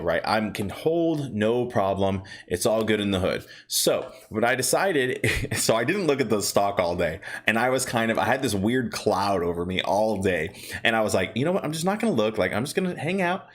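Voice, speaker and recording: A man's voice: lowish voice, expressive, normal speed. A man hosting a casual stock market livestream, chatty and upbeat, greeting viewers by name and telling rambling stories with lots of fillers. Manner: rambling storytelling with many fillers.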